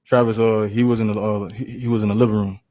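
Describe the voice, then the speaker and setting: Brief: young male trial witness, low flat voice, halting testimony, dry courtroom mic. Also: no echo. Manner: hesitant, halting, many restarts.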